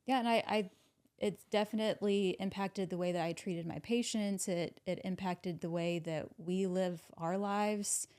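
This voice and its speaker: Smooth-voiced woman doctor, podcast host. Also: mid-range voice, steady tone, a little mellow. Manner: measured, conversational, with fillers. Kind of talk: casual podcast conversation.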